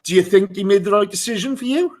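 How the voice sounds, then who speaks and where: A man's voice: sits high, fast talker, a little mellow. A man hosting a live podcast in a casual, chatty way, teasing his guests and greeting listeners by name. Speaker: podcast host.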